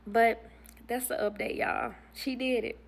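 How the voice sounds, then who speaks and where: A woman's voice: on the high side, steady tone, measured pace, vocal fry. A young adult woman retelling a story casually, animatedly voicing the people she quotes. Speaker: storytelling host of an advice channel.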